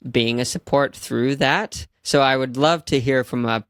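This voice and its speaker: A man's voice: mid-range voice, fairly even intonation, measured pace, fairly bright tone, clean tone, dry recording, studio quality. A young man hosting a podcast, attentive and casual, asking questions and giving short acknowledgements. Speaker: podcast host. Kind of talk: casual conversational interview.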